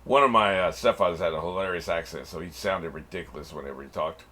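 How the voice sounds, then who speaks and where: A man's voice: low-pitched, quick pace, sharp tone, slight background noise. A man hosting a reaction channel, giving casual commentary on an anime episode, laughing often and swearing freely.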